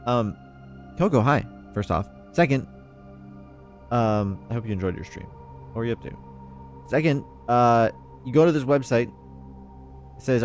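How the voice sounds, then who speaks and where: A man's voice: mid-range voice, expressive, moderate pace, pauses often, faint music behind. A man streaming a puzzle game, chatting in a laid-back, rambling, self-mocking way. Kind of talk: casual gameplay commentary.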